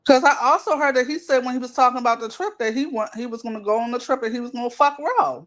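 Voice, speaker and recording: A woman's voice: sits high, fast talker, a bit bright. A woman in a casual chat, asking questions to piece events together.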